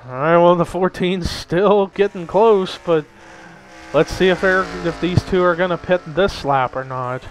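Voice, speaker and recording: A young man giving amateur play-by-play commentary on a simulated race, steady and given to hedging. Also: high-pitched, a little slow, slight background noise, poor audio. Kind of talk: amateur sim-racing commentary.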